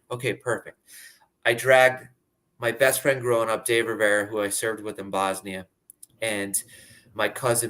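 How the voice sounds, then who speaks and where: With a fairly low pitch and fairly bright tone, this Pennsylvania man in his thirties shares his own story. He speaks in a candid, conversational way, frequently using "like."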